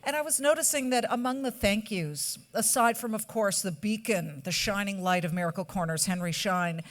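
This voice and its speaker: A woman's voice: mid-range voice, moderate pace. Woman from California, podium speech, breezy with jokes to the room. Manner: chatty, joking asides to the audience. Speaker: award presenter at a charity gala. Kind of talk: after-dinner award speech. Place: banquet hall. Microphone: podium microphone.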